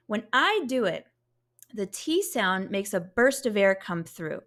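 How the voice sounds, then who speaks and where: A woman's voice: mid-range voice, sing-song, a little slow, fairly bright tone. A woman teaching a beginner saxophone lesson, explaining patiently step by step and sounding out syllables to demonstrate.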